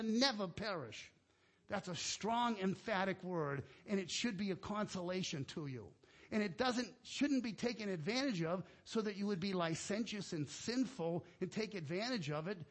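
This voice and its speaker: A man preaching a sermon as pastor, emphatic, quoting scripture and pressing key words with rising force. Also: high voice.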